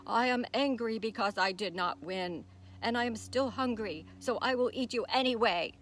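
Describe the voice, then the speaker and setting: A blustery, hungry storybook tiger, put on by a woman reading aloud. He grumbles and bargains in a slightly high voice, over a faint background hiss. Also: moderate pace, a bit bright, close to an everyday voice. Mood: grumpy. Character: hungry gruff male tiger, easily fooled.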